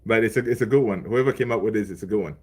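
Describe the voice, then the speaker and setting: A man's voice: lowish voice, racing, darkish tone, husky. A man hosting a casual live stream, reading chat and talking loosely, with lots of fillers and repeated phrases. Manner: loose and chatty, laughs along with viewers. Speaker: livestream host reading chat.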